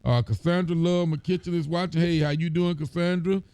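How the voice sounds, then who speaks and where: A man's voice: on the high side, steady tone, normal speed, dark tone, smooth, no room sound. A man, a sheriff hosting a casual live show, reading out and greeting viewers' comments by name.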